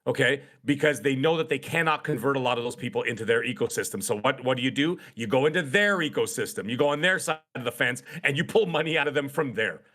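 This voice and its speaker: A man's voice: mid-range voice, animated, fast talker, hardly any pauses, pushed and bright. A middle-aged man appearing as a guest on a casual podcast, making his points emphatically and repeating words for effect.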